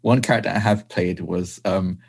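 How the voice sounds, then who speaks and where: A man's voice: sits low, steady tone, moderate pace, gravelly, darkish tone, slightly rough. A young British man chatting casually as a podcast guest, laughing often between phrases. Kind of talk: casual chat.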